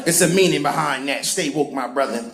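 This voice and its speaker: A man voicing an earnest, rambling barbershop conspiracy theorist who muses slowly, in an echoey room. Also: on the high side, creaky, heavy background noise, pitched below the performer's own voice. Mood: conspiratorial.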